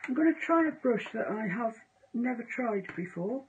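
A woman's voice: fairly high pitch, expressive, normal speed, a little mellow, a little hiss or hum. A woman demonstrating painting on a live stream, chatting casually and trailing off mid-thought. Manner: chatty, self-amused, trails off mid-sentence. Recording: dull lo-fi live stream audio.

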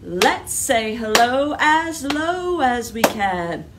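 A woman's voice: on the high side, sing-song, extremely slow. A woman leading a children's library storytime, singing a hello song and coaxing the kids to answer. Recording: distant mic with clear background noise.

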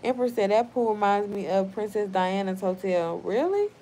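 A woman's voice: mid-range voice, lively intonation, normal speed, warm tone. Young woman streamer, outdoors on phone, blunt and profane, faint noise. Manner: blunt, swears freely, talks back to trolls. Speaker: livestream host reading chat. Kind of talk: casual live-stream chat. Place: outdoors at home, evening.

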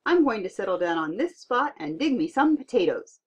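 A woman's voice: mid-range voice, big pitch swings, a little fast, a little mellow, husky. Woman doing a giant young sailor, folksy. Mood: earnest. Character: huge booming young giant sailor boy. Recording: dull lo-fi recording.

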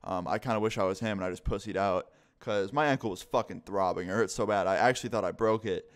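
A young man tells a story to his viewers in a loose, rambling vlog style, dropping swear words as he goes. His voice sits a little low and sounds smooth and clear, and the tone is casual and unpolished. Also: fast. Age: young adult. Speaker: vlogger.

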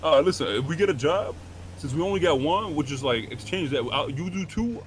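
Male role-player, rapid and fairly high-voiced, teasing slang talk, faint hiss. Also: animated, poor audio. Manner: fast, slangy, teasing banter. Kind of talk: in-character role-play chat.

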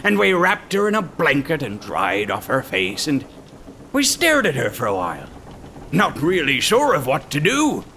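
A man narrating a comic short story in the first person as a gruff pirate, using pirate grammar with dry comic timing. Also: a little high, wildly swooping pitch, moderate pace, pushed and bright, slight background noise.

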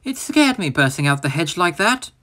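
A man's voice: very high-pitched, huge pitch swings, moderate pace, fairly bright tone, voice pushed up, heavily acted. A man voicing a small, anxious young tank engine, speaking sadly and timidly. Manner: sad, timid.

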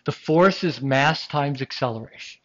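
A science lecturer giving a classroom lecture, animated and emphatic, with rhetorical questions and jokes. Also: mid-range voice, moderate pace, dull audio, slight background noise.

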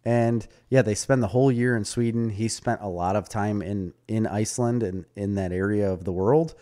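A man's voice: fairly low pitch, normal speed. A man co-hosting a podcast, casually reviewing a movie and retelling anecdotes with laughter. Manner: animated storyteller, retells anecdotes with quoted voices; laughs often. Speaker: podcast co-host.

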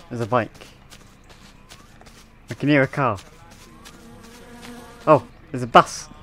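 A man giving casual, playful gameplay commentary, giggling often and putting on a silly voice to tease a game character. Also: mid-range voice. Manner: puts on a silly voice. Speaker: gaming video creator.

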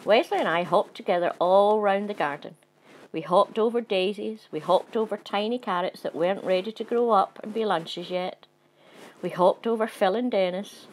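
Woman, storybook reading, gentle, playful, soft, medium pitch. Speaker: narrator.

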